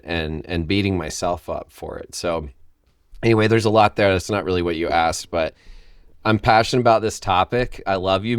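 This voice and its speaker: A man talking as a podcast guest and wellness coach, telling personal stories with animated energy and acting out what people said. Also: fairly low pitch, clear, resonant tone, no room sound, studio quality. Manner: animated storyteller, acts out quotes. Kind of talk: podcast conversation.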